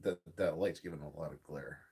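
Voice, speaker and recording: Quick-talking husky man cracking jokes. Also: rumbling low, steady tone, dark tone. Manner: teasing, jokey banter. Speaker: co-host, host's husband. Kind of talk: casual live-stream chat.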